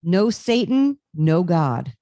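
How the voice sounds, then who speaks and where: A woman's voice: fairly low pitch, very animated, slow, mellow. A young adult woman co-hosting a podcast in casual, candid chat. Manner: earnest, candid, mimics people in quoted asides. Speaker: podcast co-host.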